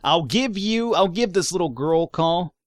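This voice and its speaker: A man's voice: sits high, expressive, a little slow, no room sound, studio quality. A man giving casual gameplay commentary, reading in-game reports aloud between wry, sarcastic asides. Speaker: let's play gamer.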